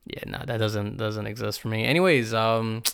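Raspy young man rambling on a podcast. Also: on the low side, normal speed, a bit bright. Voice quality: raspy, gravelly. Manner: rambling, swears a lot, many fillers. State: hoarse. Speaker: podcast host. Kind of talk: casual unscripted podcast monologue.

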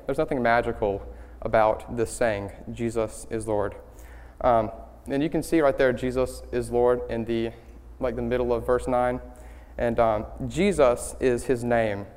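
A young man giving a student-led sermon, earnest and halting, with many ums and restarts. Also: medium pitch, a little mellow, clear, resonant tone. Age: young adult. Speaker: student speaker leading worship. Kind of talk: church sermon. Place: church sanctuary. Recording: hall reverb in a church.

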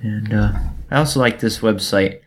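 A man's voice: on the low side, normal speed. A man in his twenties co-hosting a podcast, chatting casually and joking with frequent laughter. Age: 20s. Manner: joking, laughs often, animated. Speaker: podcast co-host. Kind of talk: casual chat.

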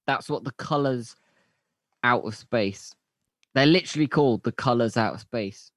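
A man's voice: medium pitch, normal speed, no room sound. Man chatting with fillers. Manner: rambling, hesitant with fillers. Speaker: podcast co-host. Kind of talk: casual chat.

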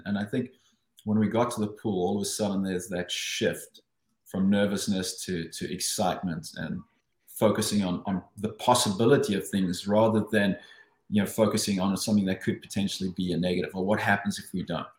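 A former Olympic swimmer from South Africa, a man with a fairly low voice, tells stories of his swimming days as a guest in a casual interview. He's animated, restarting sentences often and acting out the voices in his head. The room sounds spacious and echoey.

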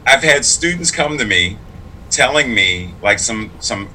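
Bright, forceful man talking earnestly. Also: medium pitch, expressive, measured pace, slight background noise, poor audio. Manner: earnest, reflective, emphatic storyteller. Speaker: clergy member and public school teacher. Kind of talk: casual conversational interview.

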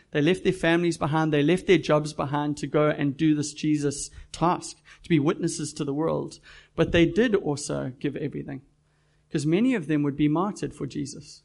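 Gravelly man preaching a sermon. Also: a little high, darkish tone. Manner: earnest, direct questions to the congregation. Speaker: pastor. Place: church.

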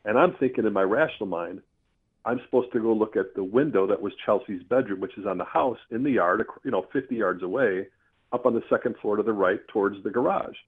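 A man telling a personal story in a casual, earthy, animated way, with mild swearing. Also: on the low side, brisk, husky. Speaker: storyteller guest. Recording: tinny phone-line sound.

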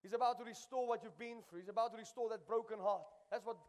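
A man's voice: very high voice, steady tone, quick pace, darkish tone, long reverb tail. A man preaching a sermon in a church, impassioned and repeating phrases for emphasis. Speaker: pastor. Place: church sanctuary.

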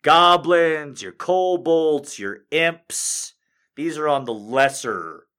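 A man's voice: on the high side, slow, pushed and bright, clean tone. A man hosting a comic video, rambling and swearing a lot as he rants and then reads fanfic aloud. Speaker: comedic video host. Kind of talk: comic rant and fanfic reading.

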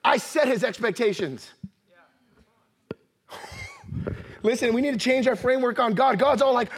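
Man, 30s, high-pitched pastor, animated sermon delivery, mimics voices and laughs. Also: measured pace, long pauses, breathy edge. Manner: animated, acts out quoted voices, laughs often. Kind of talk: energetic sermon.

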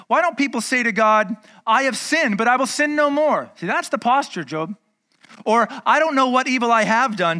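A man's voice: high-pitched, pushed and bright. A male pastor preaching a conversational sermon, acting out dialogue with humor.

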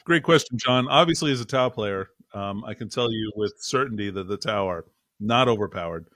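A man co-hosting a podcast, chatting casually with sarcastic, deadpan jokes. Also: on the low side, fairly quick, no room sound. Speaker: podcast co-host. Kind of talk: casual chat.

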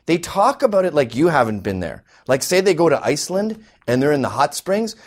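Animated Canadian man ranting. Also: a little high, a little fast. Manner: exasperated, mocking, animated. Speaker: comedian. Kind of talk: stand-up comedy rant.

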